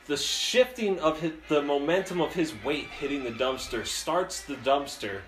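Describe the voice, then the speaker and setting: A young man telling a long, animated story casually, laughing and swearing along the way. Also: a little high, normal speed, soft background music. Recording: roomy echo.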